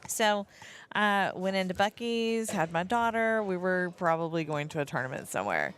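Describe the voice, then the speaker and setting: A woman's voice: on the low side, expressive, moderate pace, a bit bright, clean tone. Chatty Texas-accented woman. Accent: Southeast Texas. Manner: chatty storyteller, laughs often. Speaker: parent commentator. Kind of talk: casual livestream commentary.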